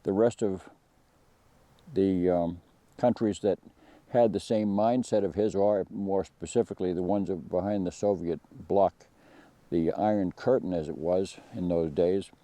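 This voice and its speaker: A man's voice: deep voice, steady tone, unhurried, mellow, no echo. A man hosting a firearms channel, talking through a rifle review in a rambling way with many fillers and restarts. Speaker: gun channel host. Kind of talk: casual spoken product review.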